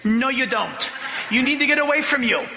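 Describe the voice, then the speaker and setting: A male pastor preaching a sermon, emphatic, slowing down to read scripture aloud and mimicking voices to make his points. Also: very high-pitched, expressive, gravelly, big-room sound, heavy background noise.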